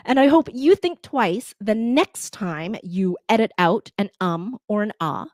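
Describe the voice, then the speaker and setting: A woman from Canada with a North American accent, a podcast editor talking to listeners in a lively, conversational way with fillers. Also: mid-range voice, measured pace, hardly any pauses, no room sound, clean studio sound. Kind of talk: talk to listeners.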